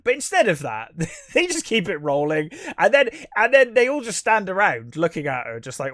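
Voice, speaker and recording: A man's voice: high-pitched, big pitch swings, normal speed, a bit bright, no room sound, clean studio sound. A man co-hosting a podcast, recapping a film plot in casual chat, rambling with many fillers and restarts. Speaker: podcast co-host.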